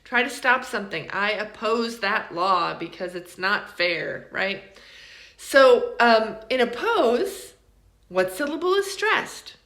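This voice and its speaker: A woman teaching English pronunciation in an online lesson, encouraging and repeating words slowly to model them. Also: on the high side, animated, fairly bright tone, reverberant.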